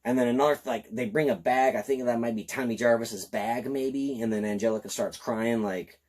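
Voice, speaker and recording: A slightly tipsy man giving an excited, profane, rambling film review. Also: medium pitch, normal speed, hardly any pauses.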